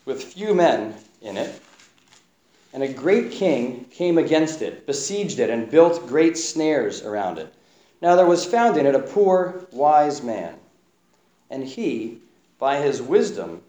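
Gentle preacher man in an echoey hall. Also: medium pitch. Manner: gentle, reflective, acts out quotes. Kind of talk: sermon. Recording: echoey room.

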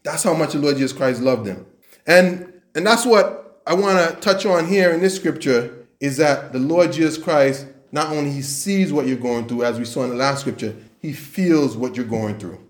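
A man's voice: on the high side, normal speed, echoey room. A man preaching a sermon in an earnest way, often repeating himself and restarting his sentences.

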